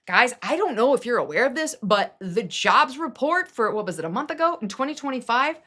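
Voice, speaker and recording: A woman's voice: on the high side, big pitch swings, brisk, a bit bright. A middle-aged woman giving casual opinion commentary, emphatic and sarcastic, with mocking asides as she rants. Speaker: political commentary vlogger.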